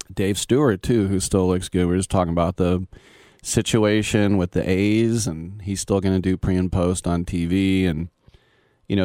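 A man's voice: sits low, a little mellow, no echo, clean studio sound. A man in his fifties, a sports radio host, telling rambling anecdotes in a casual monologue, chuckling and quoting people as he goes. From Bay Area.

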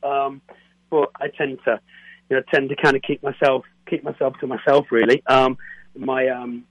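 A man from near Newcastle with a softened northern English accent, a film director answering interview questions in a hesitant way, repeating words and laughing often. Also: mid-range voice, level tone, normal speed, dry recording, highs cut off. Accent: northern English, softened toward standard. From northern England, near Newcastle. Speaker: film director and co-writer, guest.

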